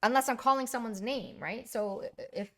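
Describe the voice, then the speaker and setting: A woman co-hosting a casual chat, telling lively stories about coaching and acting out her own yelling. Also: on the high side, brisk. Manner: animated storyteller, acts out her own yelling. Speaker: podcast co-host.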